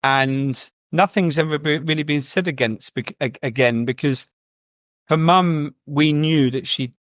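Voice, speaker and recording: A man's voice: fairly high pitch, measured pace, a bit bright, no echo, clean studio sound. A man being interviewed as a guest, talking reflectively and openly about his family, with frequent restarts. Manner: reflective, storytelling with many restarts. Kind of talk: candid personal interview talk.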